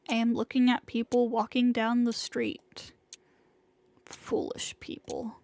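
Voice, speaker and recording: Woman streamer, dramatic visual novel reading, slow and hushed, slightly high voice. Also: no room sound. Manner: slow and hushed, sinking into whispers in tense passages.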